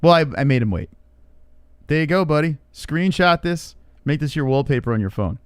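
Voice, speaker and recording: A man's voice: on the high side, lively intonation, normal speed, smooth, dry recording, clean studio sound. A man hosting a casual livestream podcast, joking and teasing with banter. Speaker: podcast host.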